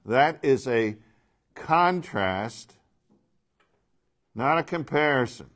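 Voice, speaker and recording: A man's voice: medium pitch, animated, unhurried. A man teaching a Bible class, speaking emphatically and asking his listeners questions.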